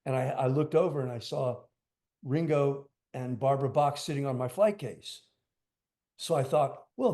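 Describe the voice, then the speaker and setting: Older man guest, rambling emphatic storyteller, slightly high voice, casual interview. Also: dark tone. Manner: rambling, emphatic, filler-heavy. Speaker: guest drummer.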